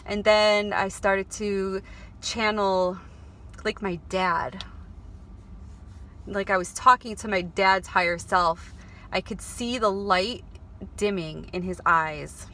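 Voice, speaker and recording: Vlogger, woman, bright tone, earnest and halting, faint background hum. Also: medium pitch, steady tone. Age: adult, married. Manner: earnest, emotional, halting with restarts. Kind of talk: spiritual vlog monologue. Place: before going to work.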